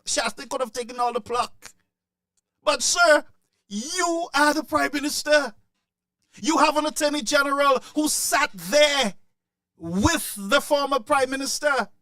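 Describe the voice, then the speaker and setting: High-pitched, fired-up man. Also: unhurried, sharp tone, no echo. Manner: emotional, repetitive, stammering restarts. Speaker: commentator. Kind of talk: impassioned political commentary.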